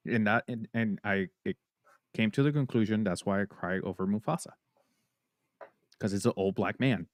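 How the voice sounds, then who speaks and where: A man's voice: fairly low pitch, moderate pace, long pauses, no room sound. A man co-hosting a podcast, telling stories in a playful, teasing way. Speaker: podcast co-host. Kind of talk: casual podcast chat.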